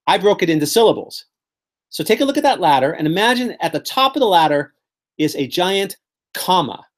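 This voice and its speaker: A man presenting a workshop on memory techniques, telling vivid, playful stories to make his points stick. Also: on the high side. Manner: animated, playful storytelling with vivid imagery. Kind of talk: live workshop teaching.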